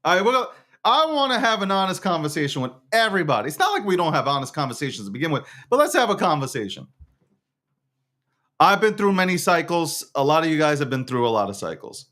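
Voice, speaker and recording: A man talks casually to his audience about the markets, his voice on the higher side and leaping all over the place. He is slangy and swears freely, and he keeps dissolving into giggles he can't hold back. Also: very animated, fast, sharp tone. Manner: keeps breaking into giggling fits. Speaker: host of a crypto news show. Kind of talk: casual monologue to camera.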